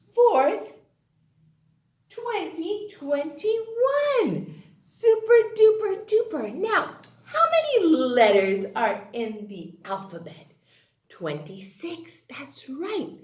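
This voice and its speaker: A woman teacher speaks slowly and deliberately, stretching each word for young children. Her voice sits high and bounces up and down in a sing-song way. The room around her is echoey. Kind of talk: early-grade phonics lesson.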